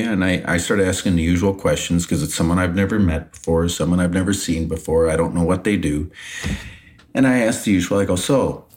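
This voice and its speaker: A man co-hosting a podcast, telling a backstage anecdote in a casual, animated way and laughing often. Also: sits low, a little fast. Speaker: podcast co-host, retired wrestler. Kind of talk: casual storytelling.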